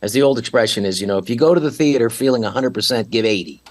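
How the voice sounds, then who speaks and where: A man with an average-pitched voice speaks as a guest on a podcast. He explains his ideas earnestly and at length, in the steady voice of someone teaching a point. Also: very fast. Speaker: guest actor. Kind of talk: casual chat.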